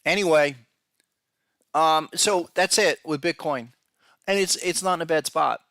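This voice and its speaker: Man, podcast host, chatty market commentary, bright voice, dry close sound. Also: a little high, unhurried, no room sound. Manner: conversational, repeats words, talks to viewers directly. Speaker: podcast host and trading analyst. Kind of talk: casual market analysis commentary.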